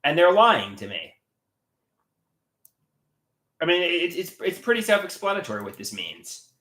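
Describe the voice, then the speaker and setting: A man's voice: high voice, very animated, measured pace, pushed and bright, reverberant. A man livestreaming and talking about his artwork, agitated and swearing, often repeating himself and restarting his sentences. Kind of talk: casual livestream talk.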